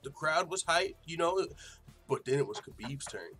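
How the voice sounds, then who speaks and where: Brief: excitable male host, fairly high voice, profane casual fight talk, faint music underneath. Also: normal speed, breathy edge. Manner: excitable, swearing, mimics quotes loudly. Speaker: MMA show host.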